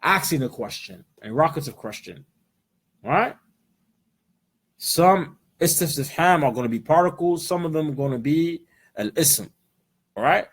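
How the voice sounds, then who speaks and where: A man's voice: a little high, animated, unhurried, long pauses, husky. An American man teaching a live class, explaining patiently and checking in with "right?" again and again. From United States. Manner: explains patiently, switching between English and Arabic words. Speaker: Arabic teacher. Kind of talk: classroom lesson. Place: in-person class with students.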